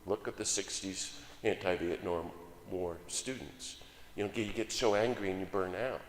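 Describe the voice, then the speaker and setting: An older man preaching a lively, joking sermon as a guest speaker, swinging between loud exclamations and soft asides. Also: low voice, normal speed, a little hiss or hum. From United States. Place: church sanctuary. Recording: long hall reverb.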